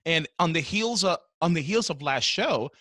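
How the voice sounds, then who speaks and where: A man's voice: a little high, animated, normal speed, pushed and bright, no room sound. A man co-hosting a podcast, bantering and teasing in casual chat. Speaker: podcast co-host.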